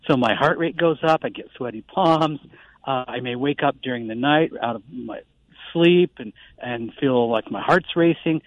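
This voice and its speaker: A man who is the guest doctor on a call-in radio show, explaining calmly with many uh fillers over a phone line. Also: on the high side. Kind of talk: expert interview on a call-in show.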